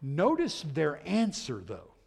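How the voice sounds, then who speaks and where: Gravelly preaching man in a reverberant hall. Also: fairly high pitch, slow pace. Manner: animated preaching, swings from loud to hushed. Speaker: pastor. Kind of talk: sermon.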